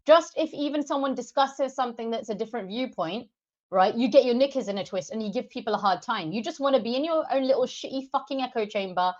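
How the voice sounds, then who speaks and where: A woman on a livestream, furious and swearing hard as she talks straight at her viewers. Her voice sits a little high, and the stream audio is slightly dull and lo-fi. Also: quick pace, darkish tone. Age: adult parent of two. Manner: furious, heavily profane, addresses viewers directly. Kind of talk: angry livestream rant.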